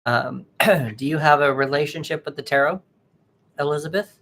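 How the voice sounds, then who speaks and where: A man hosting a tarot livestream, chatting casually and haltingly with viewers and greeting them by name. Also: a little high, a bit bright.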